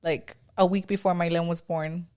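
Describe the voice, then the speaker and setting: A young mother co-hosting a podcast, chatting in a relaxed, filler-heavy way and asking questions. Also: on the low side, normal speed, clean tone. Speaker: podcast co-host. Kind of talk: casual chat.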